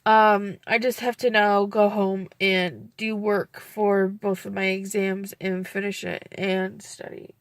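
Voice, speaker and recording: A woman's voice: medium pitch, flat delivery, slow, hardly any pauses, no room sound. Teary young woman rambling in a vlog. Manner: rambling, many fillers. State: teary, near crying. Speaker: vlogger. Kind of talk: emotional personal vlog.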